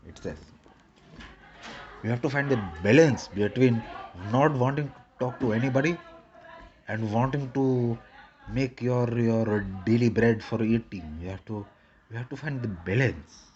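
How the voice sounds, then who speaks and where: A man's voice: medium pitch, measured pace, darkish tone, highs cut off. A man rambling in a casual monologue with a put-on Indian English accent, repeating short clipped broken-English phrases. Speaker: vlogger.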